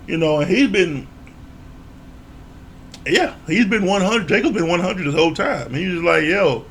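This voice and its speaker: Speaking at normal speed, this reality TV reviewer has a fairly bright, slightly high voice and an expressive manner. He rambles through the episode one couple after another, chuckling now and then, using slang and curse words over a soft background hum of the room.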